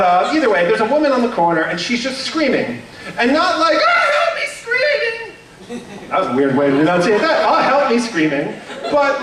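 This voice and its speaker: Young man, stand-up comic, high voice, anxious self-mocking delivery with lots of ums; boomy room sound, mic set back. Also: fairly bright tone. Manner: nervous, self-deprecating storytelling with many fillers. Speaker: stand-up comedian. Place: comedy club stage. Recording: echoey room, mic heard from a distance.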